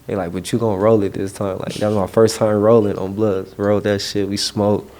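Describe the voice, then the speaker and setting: In a casual interview, a young Los Angeles rapper spins rambling, slang-heavy tales with animated street flair. His voice sits on the low side and he talks briskly.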